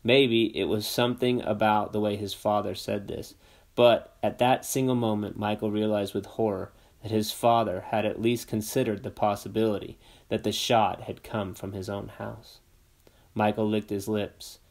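A man's voice: lowish voice, little pitch movement, normal speed, creaky, a little mellow. Man giving a plain read-aloud narration. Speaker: amateur reader.

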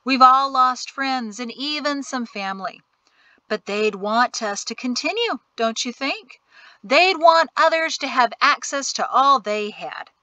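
Lady voicing smug greedy rich guy, sickly sweet talk, brightish voice. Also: high-pitched, expressive, unhurried, no echo, voice pushed up, heavily acted. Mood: syrupy. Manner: syrupy, condescending.

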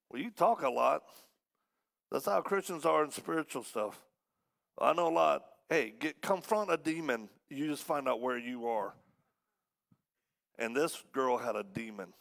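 A man preaching as a guest, telling a story in a lively way and acting out the voices of the people in it. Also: mid-range voice, normal speed, vocal fry. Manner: animated, acts out quoted voices. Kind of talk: storytelling sermon.

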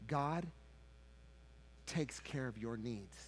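A middle-aged man preaching a sermon as pastor, swinging between loud shouting and hushed, low confession, repeating words when he gets worked up. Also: very slow, a little hiss or hum. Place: church sanctuary.

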